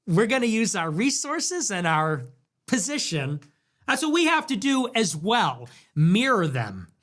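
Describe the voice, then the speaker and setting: Emphatic ranting male host, lively high voice. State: voice straining after hours live. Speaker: livestream host. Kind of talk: heated livestream monologue.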